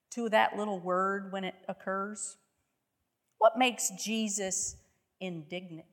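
A woman's voice: medium pitch, long reverb tail. A woman preaching a sermon, telling a story vividly and often asking her listeners rhetorical questions.

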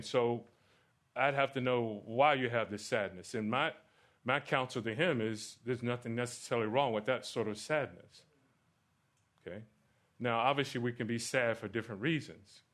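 A male pastor answers congregation questions with an animated preaching manner, climbing loud when he stresses a point. His voice is bright and forceful. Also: mid-range voice. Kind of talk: sermon Q&A.

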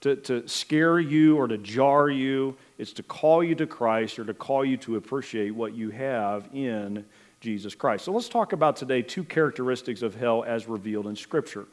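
The speaker is a middle-aged pastor preaching. His tone is earnest, his pace measured, his voice mid-range, and he uses occasional hesitant fillers.

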